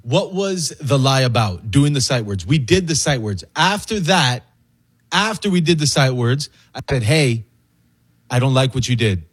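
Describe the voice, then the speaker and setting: A man in his thirties on a talk show, telling a family story in a laid-back, chuckling way with a husky voice. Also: medium pitch, expressive, normal speed. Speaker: co-host. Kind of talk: casual storytelling banter.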